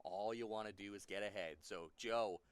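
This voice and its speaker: A man's voice: lowish voice, moderate pace, smooth, no echo. A man giving live color commentary on a darts match, analytical and repeating points for emphasis.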